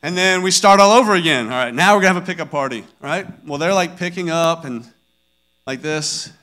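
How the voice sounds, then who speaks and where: A man's voice: a little high, brisk, bright, forceful tone. A man in his thirties giving a personal devotional talk as a father, telling stories earnestly and acting out family scenes. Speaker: father sharing a devotional message.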